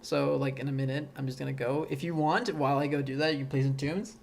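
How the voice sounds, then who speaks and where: A man's voice: mid-range voice, fast talker, gravelly, darkish tone, slight background noise. A young man hosting a podcast in casual chat, rambling with many fillers and frequent laughs. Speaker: podcast host.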